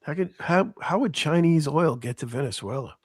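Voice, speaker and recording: A hoarse man with an East Coast accent, co-hosting a casual livestream chat and talking through market numbers with halting restarts. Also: fairly high pitch, expressive, dry recording, studio quality. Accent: American East Coast. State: hoarse, voice shot. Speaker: co-host.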